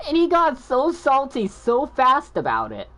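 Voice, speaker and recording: A man's voice: very high-pitched, wildly swooping pitch, unhurried, sharp tone. A man who stutters and mumbles, chatting casually as a gaming channel host. He rambles, keeps restarting his sentences and doubles back when he loses his thread. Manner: rambling, frequent restarts and backtracking. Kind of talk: casual storytelling chat.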